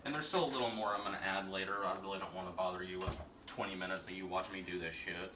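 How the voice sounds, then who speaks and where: Husky sassy man with a Southern accent. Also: sits low, steady tone, fast, background noise. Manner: sassy, rambling, profane, frequent laughs. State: slightly tipsy. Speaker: vlogger hosting a drinking game. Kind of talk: casual chatty vlog. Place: his bedroom.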